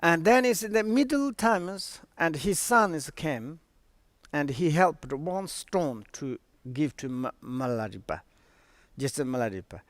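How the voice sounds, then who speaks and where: A man telling a story as a Buddhist teacher, in halting with many fillers. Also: a little high, sing-song, no room sound. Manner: halting non-native English with fillers. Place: online stream.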